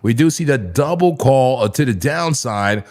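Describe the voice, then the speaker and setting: A man hosting a live crypto trading stream, excitable and casual, laughing often and bursting into shouts as he banters with his chat. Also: mid-range voice, normal speed. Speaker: crypto trading livestream host. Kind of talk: hyped live trading commentary.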